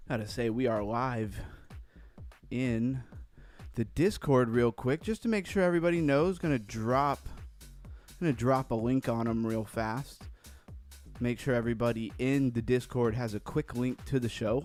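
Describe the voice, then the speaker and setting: Hosting a laid-back crypto livestream, a man with a medium-pitched, darkish voice chats in an upbeat, rambling way. Still slightly winded from cardio, he calls out names from the chat.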